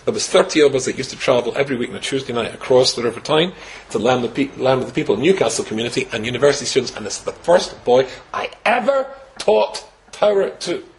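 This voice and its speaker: Animated older Scottish rabbi telling a story. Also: male voice, medium pitch, quick pace, low-quality recording. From Scotland. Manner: animated storyteller, wry humor, swings from hushed to exclaiming. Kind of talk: personal story told to a host.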